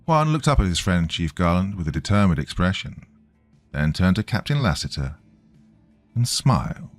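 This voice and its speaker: Male storyteller, low and expressive, scripted narration over faint music. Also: moderate pace, no room sound.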